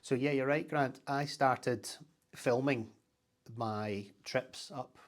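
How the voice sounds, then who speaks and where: A Scottish man in a casual interview, telling animated stories with laughs and lots of historical detail. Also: medium pitch, slow. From Scotland. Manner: animated storyteller, laughs while talking, full of historical detail. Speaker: interviewee, content creator. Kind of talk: casual chat.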